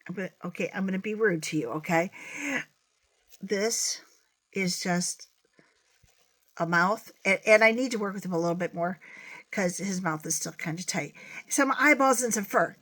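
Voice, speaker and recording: Lady teaching puppet tricks, chatty and playful, mid-pitched voice. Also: fairly bright tone. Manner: playful and chatty, demonstrating as she talks. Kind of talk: video lesson.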